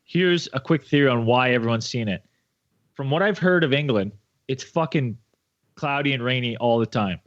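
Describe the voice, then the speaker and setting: A man's voice: mid-range voice, moderate pace, highs cut off. A man co-hosting a podcast in casual chat, cursing freely and acting out little scenes in silly voices. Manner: animated, profane, acts out scenes in silly voices. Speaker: podcast co-host.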